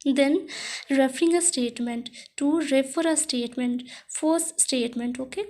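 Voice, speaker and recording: A woman teacher giving a grammar lesson, explaining slowly, repeating herself and reading example sentences. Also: high voice, darkish tone.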